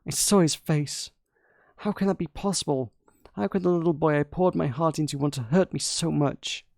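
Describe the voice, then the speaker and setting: A man voicing a grieving middle-aged queen mother, in a hushed whispered role-play as he reads game dialogue aloud. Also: a little high, moderate pace, creaky, no room sound, clean studio sound.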